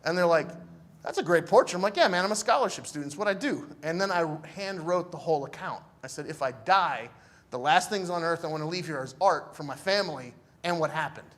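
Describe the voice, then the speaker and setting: A man's voice: a little high, animated, brisk, a bit bright. Laid-back man telling a story. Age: young adult. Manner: laid-back and joking, acting out the people in his story. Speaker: speaker telling a personal story. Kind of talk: storytelling talk to a live audience.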